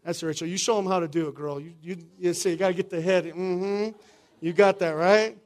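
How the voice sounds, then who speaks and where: A man's voice: high-pitched, steady tone, brisk. A male pastor, preaching a sermon in a conversational way, often asking "right?" and calling the room "y'all".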